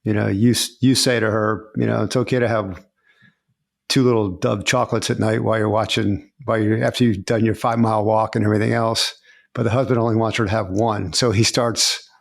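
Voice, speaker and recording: Low gravelly-voiced male podcast host. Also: little pitch movement, fairly quick. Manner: conversational, rambling questions with fillers. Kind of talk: casual podcast interview.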